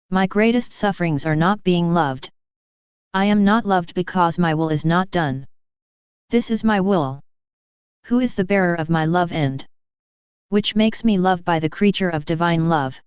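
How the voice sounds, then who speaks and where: Sorrowful divine guy pleading, earnest and solemn, a woman reading him, smooth voice, dry sound. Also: on the low side, a little mellow, no echo, natural voice. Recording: dull, slightly lo-fi dry recording.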